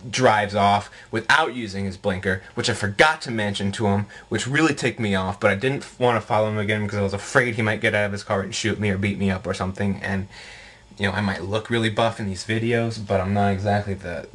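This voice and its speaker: A young man with a lowish voice tells a story to his camera in a rambling, casual way. He is animated and fills the gaps with likes and ums as the tale tumbles out. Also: brisk. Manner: rambling, animated, full of fillers. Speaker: video blogger.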